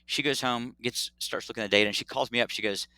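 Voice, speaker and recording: A middle-aged man, a doctor, telling a story in a casual interview, animated and acting out dialogue. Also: mid-range voice, fast, no echo. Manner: animated, acts out dialogue, laughs often. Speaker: pediatric urologist guest.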